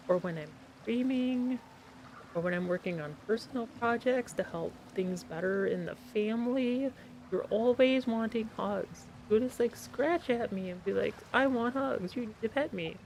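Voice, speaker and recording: A woman's voice: on the high side, darkish tone, a little hiss or hum. A woman streaming a game from her home office, chatting casually, answering her chat and talking to her cat. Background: background music.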